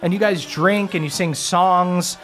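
A man's voice: high voice, steady tone, a little slow, fairly bright tone. A man narrating a tabletop game as game master, loose and full of fillers. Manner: loose, filler-heavy narration with frequent laughs.

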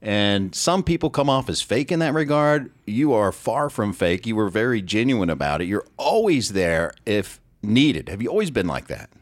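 A man's voice: on the low side, big pitch swings, normal speed, few pauses, no room sound, studio quality. A middle-aged man hosting a sports podcast, asking questions with enthusiasm and acting out quotes. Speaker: podcast host, sports reporter. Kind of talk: interview.

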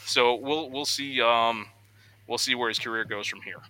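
An energetic young man co-hosts a casual news podcast. His voice is strikingly bright and forceful. He sits in a dead, dry-sounding room, and he often slips into mock voices when he quotes people. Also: medium pitch, unhurried, dry recording. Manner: excitable, acts out quotes in voices. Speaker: podcast co-host.

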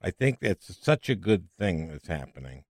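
A man's voice: low voice, big pitch swings, normal speed, dry recording, studio quality. An older man hosting an interview, chatting in a joking, enthusiastic way and often repeating words for emphasis. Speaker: podcast host. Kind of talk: casual interview chat.

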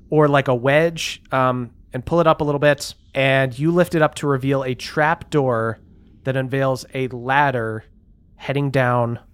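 A man's voice: mid-range voice, smooth. A man narrating as game master in a tabletop game, describing scenes loosely with plenty of "like" and "um". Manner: relaxed, loose narration full of "like" and "um".

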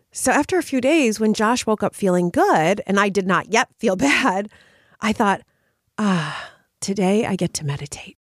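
Candid woman host talking lively, getting over a cold. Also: medium pitch, dry recording, studio quality. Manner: candid and expressive, frequent "like" and "right?". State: recovering from a cold. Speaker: podcast host. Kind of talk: personal storytelling monologue.

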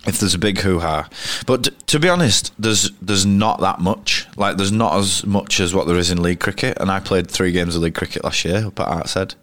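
A man's voice: sits low, a little fast, few pauses, a bit bright, dry recording. A man in his thirties, a cricketer guest telling anecdotes in a rambling, casual way full of restarts. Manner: rambling, frequent restarts and fillers. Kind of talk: casual storytelling interview.

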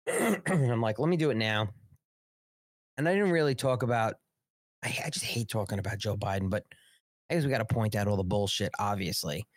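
A man's voice: fairly low pitch, lively intonation, a little fast, no echo, clean studio sound. A man hosting a casual live political show, rambling and sarcastic with frequent swearing. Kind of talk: casual live-stream commentary.

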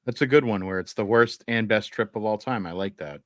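A man's voice: fairly low pitch, a little fast, a bit bright, no echo, clean studio sound. A man hosting a casual podcast, firing off quiz questions in a laid-back way. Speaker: podcast host.

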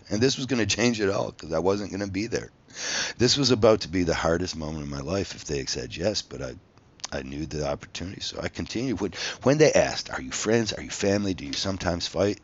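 A man, a tattoo artist, telling a profane, animated story about his past in a casual monologue. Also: deep voice, dull audio. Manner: profane, animated, reenacts his own outbursts. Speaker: tattoo artist and former reality show contestant.

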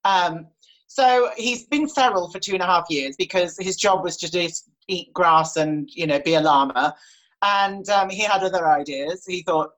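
Young woman, low voice, animated storyteller, swears freely, casual chat. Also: normal speed, poor audio. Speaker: guest, horse rider.

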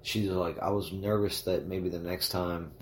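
A man's voice: deep voice, fairly even intonation, unhurried, reverberant, a little hiss or hum. A man co-hosting a podcast in casual chat, laid-back and swearing freely. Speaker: podcast co-host.

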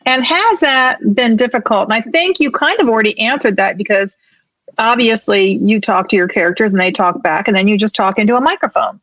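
A woman's voice: a little high, brisk, a bit bright, dry recording, rough recording. A woman co-hosting a book talk show, chatty and teasing. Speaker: co-host. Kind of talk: casual chat.

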